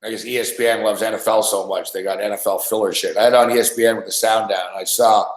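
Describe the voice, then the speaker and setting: Male sports podcast host, animated storyteller, casual swearing, roomy echo. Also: on the low side, quick pace. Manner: animated storyteller, acts out quotes with swearing and laughs.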